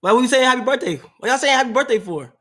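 A man streaming live, excitable and teasing, talking fast in casual slang. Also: extremely high pitch. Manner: excitable, teasing, shouts when laughing.

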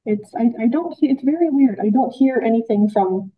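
A woman's voice: on the high side, animated, fairly quick, slightly rough, no room sound, phone-quality sound. A woman, a library director, running a public board meeting in a chatty way with lots of fillers and restarts.

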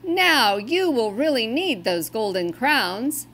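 A woman voicing Santa, a jolly, grateful old man in a storybook, speaking heartily and exclaiming warmly. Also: fairly high pitch, very animated, slow pace, a little hiss or hum, voice pushed up, heavily acted. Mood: delighted.

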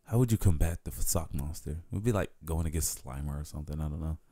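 A man's voice: extremely low pitch, fast talker. A middle-aged man hosting a casual podcast chat, swearing freely and telling stories with lots of laughter. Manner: profane, laughing, animated storyteller. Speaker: podcast host.

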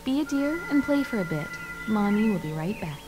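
A woman's voice: medium pitch, sing-song, fairly quick, over music, close to an everyday voice. A woman playing a doting singsong mother. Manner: sweet, singsong baby talk. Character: doting young mother talking to her toddler.

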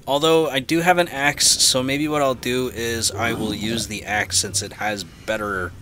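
A gaming channel host talks casually over his own gameplay, chatty and easily excited, often yelping and laughing. His mid-range voice comes through a noisy home recording in a room where an aquarium drips in the background.

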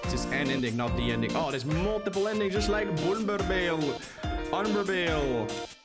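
Male streamer, casual let's-play banter, animated pitch, heavy game music underneath. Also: normal speed. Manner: jokey, reads game dialogue aloud in silly voices. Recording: loud game music behind voice.

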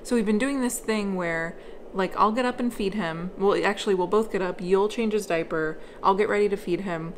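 A woman's voice: mid-range voice, normal speed. Worn out lady vlogging at home, chatty and giggly, faint background noise. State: tired. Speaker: vlog co-host. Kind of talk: casual home vlog chat. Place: home indoors.

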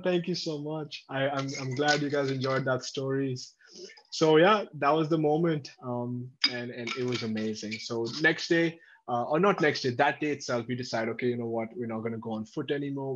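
A wildlife presenter, telling safari stories on a livestream and answering viewer comments. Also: male voice, medium pitch. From India. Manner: animated storyteller, reacting to viewer comments. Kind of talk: livestream storytelling. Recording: dull lo-fi livestream audio.

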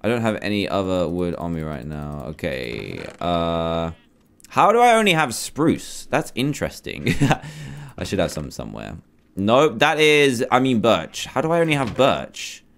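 A man in his twenties giving animated, self-mocking commentary on his Minecraft survival game, talking to himself as he plays. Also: low-pitched, a little slow, gravelly. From England. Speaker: gaming YouTuber. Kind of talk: Minecraft let's play commentary.

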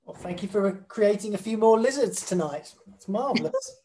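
A man's voice: sits high, expressive, normal speed, mellow, low-quality recording. A man hosting an online session, wrapping it up with genial thanks. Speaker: session host. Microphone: video call.

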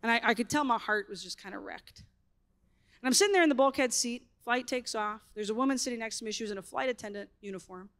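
A woman tells a story from the stage. She sits a little above the usual pitch for a woman and talks in a loose, animated way that is full of "like" fillers. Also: quick pace. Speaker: speaker. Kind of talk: storytelling conference talk.

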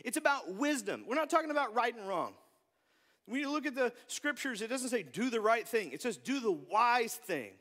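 A man preaching in a church sanctuary, lively and joking, now and then acting out the people he talks about. His voice sits high and sounds bright and forceful. The reverb of a big hall trails behind each phrase. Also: brisk. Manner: animated, joking, acts out quoted voices. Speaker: pastor. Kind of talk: sermon.

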